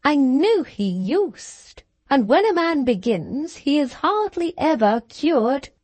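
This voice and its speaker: A woman performs a full character voice as a haughty older countess in a period audiobook, lecturing with imperious disapproval. She speaks slowly and deliberately in a slightly high, somewhat mellow voice with big pitch swings. The recording is dry and close, with no echo.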